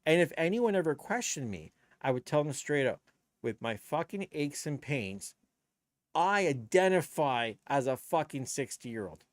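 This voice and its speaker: A man's voice: a little high, dry recording, clean studio sound. A man, a DJ chatting on his live stream in a blunt, rambling, profane way. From Canada. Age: 50s. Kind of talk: casual live-stream chat.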